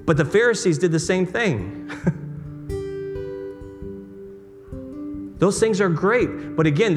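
A pastor preaching a sermon in a casual, conversational way, full of restarts and rhetorical questions. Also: male voice, high voice. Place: church sanctuary. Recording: long hall reverb with soft guitar behind. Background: soft guitar music.

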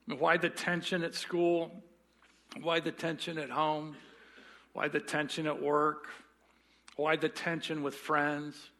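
A man's voice: a little high, fairly bright tone. A man preaching a sermon as pastor, often restarting words and telling folksy jokes.

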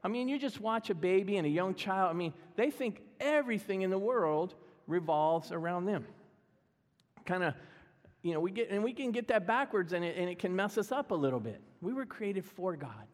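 High-voiced pastor preaching in a reverberant hall. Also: male voice, expressive, moderate pace. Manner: humorous, self-deprecating, conversational. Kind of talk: sermon. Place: church sanctuary. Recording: long reverb of a church hall.

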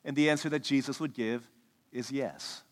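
A man in his thirties preaching a sermon as pastor, conversational and animated, putting questions to the congregation. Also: medium pitch, moderate pace. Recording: long reverb of a large hall.

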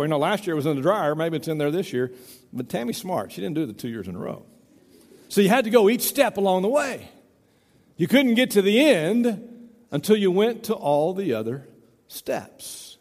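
A man's voice: sits high, darkish tone, long reverb tail. A middle-aged man preaching a folksy, conversational sermon, often saying "you know," in a church. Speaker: pastor.

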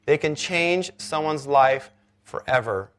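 A man preaching a sermon, earnest and emphatic, slowing down to read scripture. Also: on the high side, animated. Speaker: pastor.

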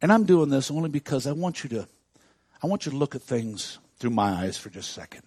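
A man preaching a sermon as a pastor, moving from quiet, close talk to loud, shouted preaching. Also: medium pitch, sing-song, brisk, breathy edge, no echo. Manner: swings from hushed intimacy to loud shouting preaching. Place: church.

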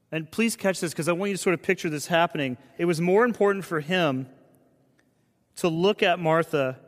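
A man preaching a sermon as a pastor, in a conversational, earnest style that often drops to a hushed delivery. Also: fairly high pitch. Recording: long reverb of a large hall.

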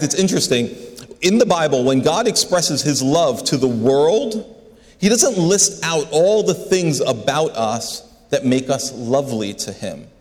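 A pastor with a fairly high, slightly mellow voice preaches an earnest sermon inside a large building. He often repeats words to stress his points, and the recording carries the long reverb of a big hall.

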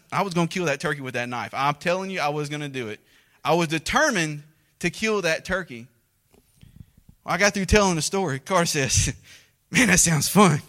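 A man, telling a folksy hunting story as a sermon illustration, shouting out the lively parts. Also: a little high. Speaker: preacher.

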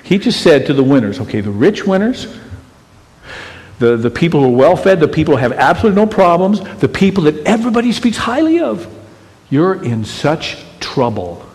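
A man's voice: fairly high pitch, big pitch swings, fairly quick. Man preaching in a reverberant hall. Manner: dramatic swings between loud emphatic bursts and hushed quiet lines; conversational and teasing, with rhetorical questions. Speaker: pastor. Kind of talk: sermon.

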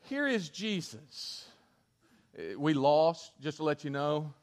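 A man preaching a sermon in an earnest, halting way, often restarting his phrases as he goes. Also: a little high, big pitch swings. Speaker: pastor.

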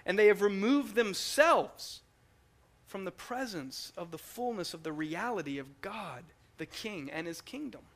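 A man preaching a teaching sermon in an emphatic, animated way, often repeating words as he goes. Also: high voice, measured pace.

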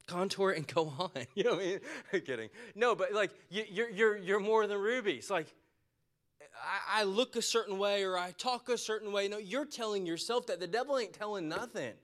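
A man preaching a sermon with passion, repeating phrases for emphasis and going soft and quiet toward the close. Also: sits high, moderate pace. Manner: impassioned, repeats phrases for emphasis, drops to a soft tone near the end.

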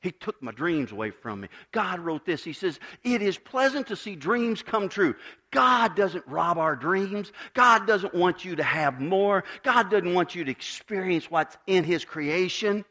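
The pastor delivering this sermon has a high, animated voice. He rises to emphatic peaks before settling back into quiet, measured lines.

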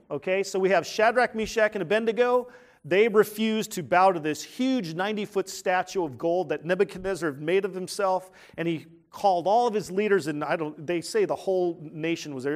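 A man preaching a sermon in a conversational way, asking the congregation questions and dropping to a hushed tone for serious points. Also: high voice, brisk. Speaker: pastor.

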